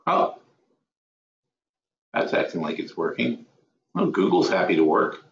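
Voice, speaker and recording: Guy running a trading webinar, lowish voice, talks to himself a lot, echoey dull audio. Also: big pitch swings, unhurried. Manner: mutters to himself and scolds his software; rambling, self-correcting. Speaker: webinar host. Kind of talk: live trading webinar, thinking aloud.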